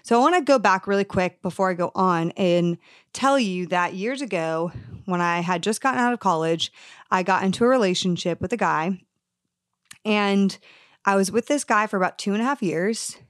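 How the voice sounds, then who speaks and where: A woman's voice: mid-range voice, moderate pace, dry recording, clean studio sound. A woman in her thirties hosting a podcast, telling a personal story and giving advice in an earnest, candid way. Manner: earnest, candid, acts out quoted dialogue. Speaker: podcast host.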